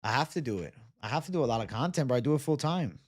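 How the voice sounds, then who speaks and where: A man's voice: medium pitch, animated, very fast, a little mellow, dry recording, studio quality. Swearing, chatty man from Boston. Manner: swears a lot, loose and chatty. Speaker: livestream host. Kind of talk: casual live chat.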